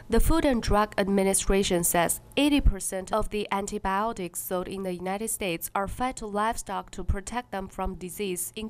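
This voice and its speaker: Woman anchor reading the news. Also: medium pitch.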